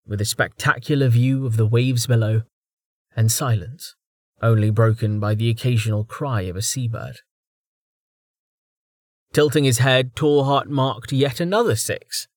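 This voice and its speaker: Measured male audiobook narrator, dry sound. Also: medium pitch, no room sound.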